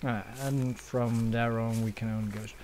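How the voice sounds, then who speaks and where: Joking and swearing through a let's play with lots of fillers, a young gaming channel host speaks at normal speed. His voice is mid-range, a little mellow and fairly even in intonation, with slight background noise.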